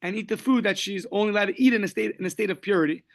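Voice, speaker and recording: Speaking in a high voice at a racing pace, a man teaches a daily Talmud class, going through the text step by step. He quotes Aramaic and Hebrew phrases and keeps things casual with light joking asides.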